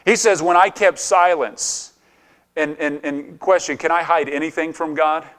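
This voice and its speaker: A man's voice: a little high, steady tone, unhurried, fairly bright tone, smooth. A middle-aged male pastor preaching a sermon in a conversational way, asking the congregation questions and often restarting his sentences.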